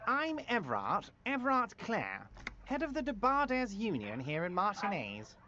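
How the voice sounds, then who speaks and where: A performer voicing a smooth-talking, ingratiating male union boss in a video game. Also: medium pitch, wildly swooping pitch, normal speed, pushed and bright, dull audio, slight background noise. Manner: ingratiating, overly polite.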